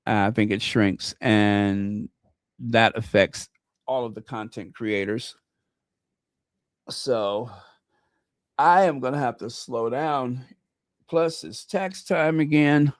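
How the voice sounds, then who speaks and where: A man's voice: medium pitch, slow pace, pauses often, no room sound, studio quality. A man hosting a casual livestream, gushing over gifts and greeting viewers by name. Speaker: channel host. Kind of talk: casual live-stream chat.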